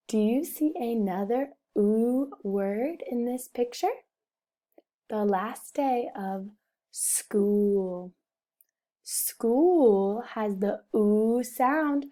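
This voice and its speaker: Slow, patient teacher woman, warm tone. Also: on the high side. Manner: slow, patient, with expressive modelling of sentences. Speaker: first-grade teacher. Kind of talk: recorded remote reading lesson for children.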